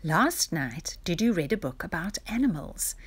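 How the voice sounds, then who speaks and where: A woman reading a picture-book story aloud to young children, with a lively, expressive delivery. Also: fairly low pitch, moderate pace, husky.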